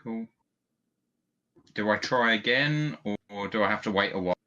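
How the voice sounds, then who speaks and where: A British man with a sharp, bright voice plays a tabletop game. He sounds tentative and a little unsure of the rules. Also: fairly low pitch, normal speed, dull audio. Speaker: player. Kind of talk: casual tabletop game chat over voice call.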